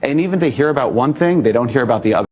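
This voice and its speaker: A man's voice: mid-range voice, animated, very fast, a little mellow. A man speaking as a talk show guest in a conversational panel discussion, thoughtful and restarting to make his point.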